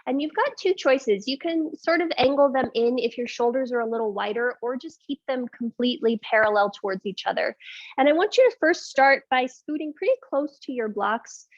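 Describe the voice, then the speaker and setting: A woman's voice: a little high, no room sound. Woman yoga teacher, dull dry recording. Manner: calm, breath-led cueing; candid, rambling asides. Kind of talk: guided yoga class. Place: live yoga class.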